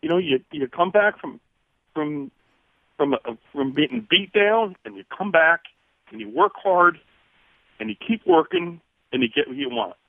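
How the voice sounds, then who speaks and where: Male caller, choked up and repetitive, phone-line sound, lively pitch. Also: measured pace, creaky, dry recording. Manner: emotional, repeating himself, choked up. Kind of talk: phone call to a sports radio show.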